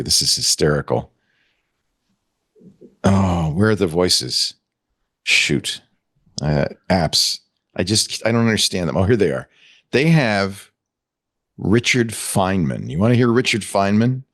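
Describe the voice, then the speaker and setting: An older man hosting a casual tech panel show, animated and laughing often as he thinks aloud. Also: sits low, unhurried, pauses often, no room sound, studio quality. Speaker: host.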